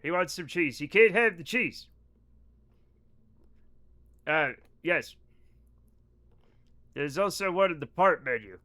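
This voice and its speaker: While playing a game live, a man rambles to his viewers with profanity and jokes in casual chat. His sharp-toned voice is slightly high and animated, though his pace is slow and broken by long pauses.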